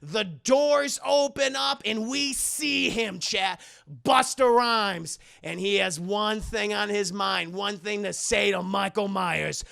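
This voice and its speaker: A young man streamer giving a profane, animated comedic movie recap to his chat, often laughing. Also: high voice, slow, vocal fry.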